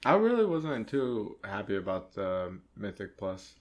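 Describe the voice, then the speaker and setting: Low-voiced dude on a podcast, short laid-back answers. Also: male voice, sing-song, measured pace. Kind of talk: casual podcast chat.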